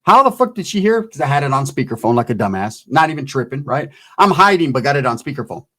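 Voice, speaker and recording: A man's voice: medium pitch, big pitch swings, quick pace, sharp tone. A man telling a crude, rambling stand-up story, tagging lines with "right?" and acting out other people's voices. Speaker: stand-up comedian.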